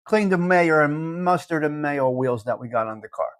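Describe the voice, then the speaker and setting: A man's voice: on the high side, animated, moderate pace, smooth. A man hosting a casual live-stream chat, brash and mock-combative, swearing freely as he talks to viewers. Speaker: live show host.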